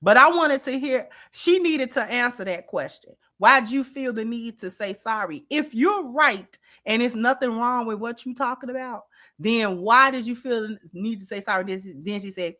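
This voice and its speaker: A woman's voice: a little high, animated, moderate pace, sharp tone. A woman hosting a livestream, reacting to a clip and talking to her chat with emphatic rhetorical questions. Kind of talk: casual commentary to live chat.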